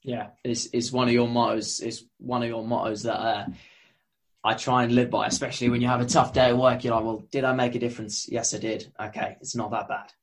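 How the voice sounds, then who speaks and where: A man's voice: medium pitch, flat delivery, brisk. A man hosting a podcast interview in a friendly, conversational way. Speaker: podcast host.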